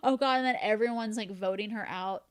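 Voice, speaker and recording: A woman's voice: brisk, clear, resonant tone. Chatty woman recapping a reality show. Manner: chatty, acts out quotes with big pitch jumps. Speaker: podcast co-host. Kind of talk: casual chat.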